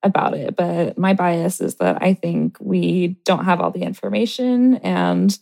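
A woman co-hosting an advice chat, thoughtful and measured. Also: fairly low pitch, expressive, creaky, warm tone. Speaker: co-host reading listener letters.

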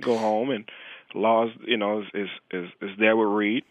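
A man's voice: lowish voice, steady tone, moderate pace, no room sound, highs cut off. A young man, a pro football player, telling a rambling anecdote as a podcast guest and leaning on "you know". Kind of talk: casual anecdote storytelling.

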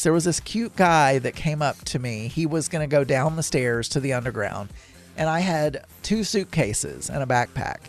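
Rambling middle-aged male podcast host. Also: a little high. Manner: rambling, self-correcting, many fillers. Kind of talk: casual solo travel storytelling.

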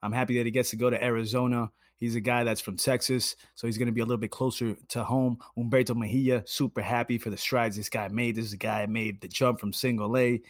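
A man co-hosting a sports podcast, talking in an excited, casual way and slipping into loud shouted bits. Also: medium pitch, fast talker, few pauses, dry recording, studio quality. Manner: animated, drops into loud shouted impressions. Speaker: podcast co-host. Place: at home.

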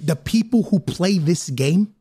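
A man hosting a casual livestreamed podcast, excitable and pushy, often calling people "bro". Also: sits high, a little slow, husky. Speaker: podcast host.

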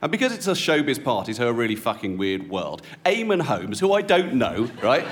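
Male comic storyteller, sardonic, very lively pitch. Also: a little fast, a little hiss or hum. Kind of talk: comic anecdote.

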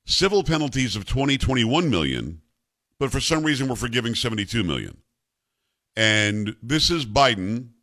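A man in his fifties hosts a talk radio show, with a voice in the middle range and a pitch that swings widely. He delivers opinionated commentary with strong emphasis, in a conversational way that slides into personal anecdotes. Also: sing-song, moderate pace, sharp tone.

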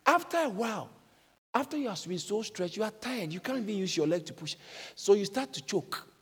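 A male pastor preaching in a church, his voice pitched high and swinging widely as he explains and exclaims. The tone is slightly husky, and a long hall reverb trails each phrase. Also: fairly quick. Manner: animated preaching, bursts into shouts when quoting. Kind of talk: sermon.

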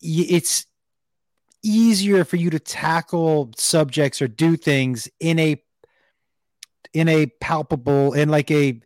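Higher-voiced male comedian hosting a chat. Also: takes it slowly, darkish tone, dry recording, studio quality. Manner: talks in bursts with restarts and stammers. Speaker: host and comedian. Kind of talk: casual podcast chat.

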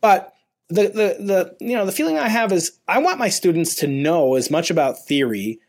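A man's voice: high voice, animated, normal speed. A man in his fifties hosting a science podcast, talking in long rambling questions with many restarts. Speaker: podcast host, physicist. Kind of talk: casual interview chat.

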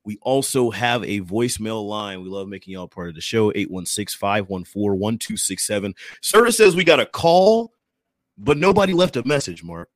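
A man's voice: lowish voice, expressive, normal speed, dry recording, clean studio sound. Upbeat male sports podcast host. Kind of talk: casual sports podcast chat.

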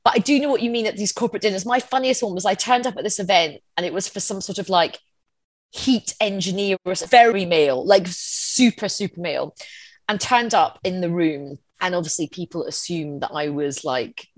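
A woman comedian chatting casually, telling a story in a lively, animated way. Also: lowish voice, a little fast, no echo. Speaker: comedian and speaker. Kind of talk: casual conversation.

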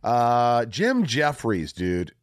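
A man's voice: mid-range voice, big pitch swings, extremely slow, dry recording, studio quality. A man hosting a podcast, chatting in a joking, rambling, teasing way. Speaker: podcast host. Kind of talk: casual podcast chat.

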